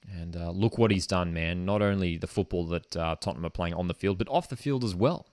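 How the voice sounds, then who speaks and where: A man's voice: lowish voice, expressive, brisk, no room sound. A man hosting a live football watchalong, casual and enthusiastic, often saying "man". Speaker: football streamer and host. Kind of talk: live match watchalong commentary. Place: home streaming desk setup.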